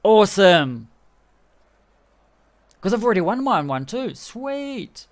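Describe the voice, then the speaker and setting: A man streaming a rugby management game live, chatting and commentating excitedly as the match plays out. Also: high voice, slow pace. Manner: excitable, chatty, laughing often.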